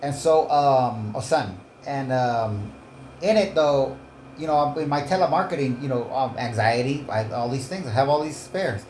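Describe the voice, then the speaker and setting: A man's voice: medium pitch, moderate pace, darkish tone, slight background noise. A man giving rambling, profane casual commentary as he reacts to clips, often breaking off and restarting his sentences. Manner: meandering, profane, self-interrupting. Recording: roomy echo.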